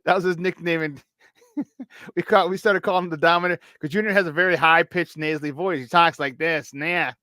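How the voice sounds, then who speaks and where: A man co-hosting a casual sports talk show, animated and quick to laugh, talking with hype-man energy. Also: fairly high pitch, no echo. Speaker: sports radio co-host.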